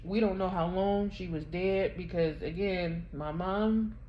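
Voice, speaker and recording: A grieving woman vlogging from her bedroom, telling a painful story in a halting, rambling way, close to tears. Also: on the low side, steady tone. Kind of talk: emotional personal confession vlog. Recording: dull muffled sound with faint background hum.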